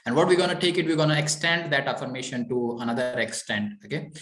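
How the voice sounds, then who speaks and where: A man's voice: medium pitch, fast, a bit bright, reverberant. A man coaching a client on mindset, talking in a repetitive, encouraging way with many "okay"s. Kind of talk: coaching session.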